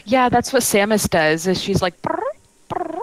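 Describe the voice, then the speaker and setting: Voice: mid-range voice, normal speed, no echo, poor audio. A streamer chatting casually while playing, joking about the pets and talking to the cat. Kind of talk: casual gaming stream chat.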